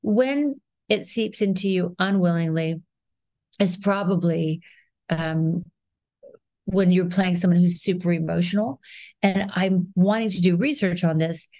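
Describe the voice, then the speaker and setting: A woman in her sixties, an actress, talking as a guest in a podcast interview, telling stories in an animated way and acting out rhythms and sounds. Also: fairly low pitch, unhurried, dry recording. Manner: animated storyteller, acts out rhythms and voices.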